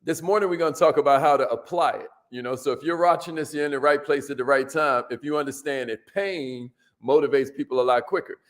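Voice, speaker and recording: A man hosting a live motivational stream, energetic and casual, greeting viewers by name and repeating his key lines. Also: mid-range voice, fast talker, few pauses.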